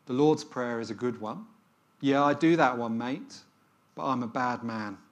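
A man reading the quoted words of an older male shopkeeper who is confessing quietly. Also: mid-range voice, measured pace, highs cut off, lightly acted. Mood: confessional. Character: older male outback shopkeeper, regretful and humble.

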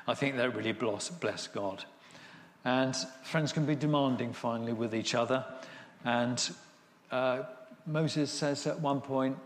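A man's voice: medium pitch, moderate pace. A man preaching a sermon, retelling scripture in casual paraphrase and acting out the voices. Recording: echoey hall with long reverb.

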